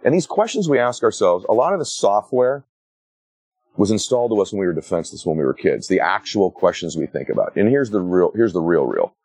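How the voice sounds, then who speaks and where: A man in his forties, an author talking about his book in a casual interview, with an animated way of making points. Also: a little fast, breathy edge, no room sound. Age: 40s. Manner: animated storyteller, rises sharply in pitch to make a point. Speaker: author and guest.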